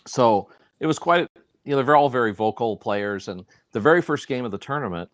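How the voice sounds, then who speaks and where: A man hosting a casual chat, relaxed as he tells a reminiscing anecdote. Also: medium pitch, brisk, no echo. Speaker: host.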